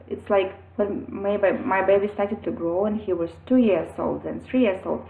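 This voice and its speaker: A woman speaking earnestly about her own parenting, in a halting way with pauses and restarts. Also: mid-range voice, gravelly. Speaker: mother sharing parenting experience. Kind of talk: earnest personal talk to camera. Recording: tinny phone-like sound in an echoey room.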